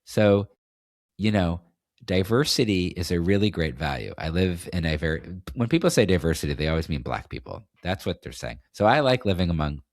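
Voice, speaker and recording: A man's voice: sits low, lively intonation, fairly quick, no room sound, studio quality. A man from New England hosting a solo podcast, talking in a rambling, opinionated way with many restarts. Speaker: podcast host. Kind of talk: casual solo podcast monologue.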